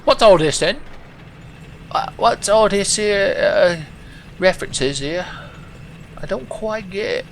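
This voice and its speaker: A man doing a deliberately bad fake British accent, playing a puzzled, fussy gentleman. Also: high-pitched, expressive, a little hiss or hum, voice pushed up, heavily acted. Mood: bemused. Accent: put-on British.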